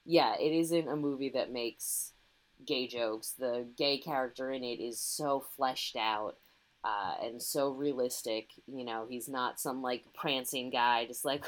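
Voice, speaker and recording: A woman's voice: rumbling low, unhurried. A woman co-hosting a podcast, chatting casually about a film, laughing often and slipping into quoted lines. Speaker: podcast co-host. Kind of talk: casual film-review chat.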